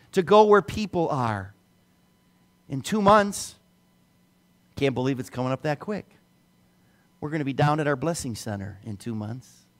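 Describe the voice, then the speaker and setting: Middle-aged man, high-pitched pastor delivering a sermon with soft-to-loud swings. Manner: preaching with swings between soft and loud emphasis.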